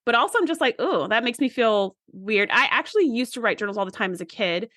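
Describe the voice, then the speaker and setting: Lively woman podcast co-host. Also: on the high side, fast, dry recording, studio quality. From United States. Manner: animated, acts out characters' lines. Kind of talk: casual chat.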